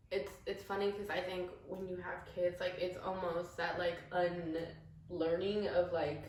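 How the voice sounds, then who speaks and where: A woman hosting an interview in a relaxed, casual way, leaning on filler words. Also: lowish voice, a little hiss or hum. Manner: relaxed, heavy use of "like" fillers. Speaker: interview host. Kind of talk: casual conversation. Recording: very echoey room.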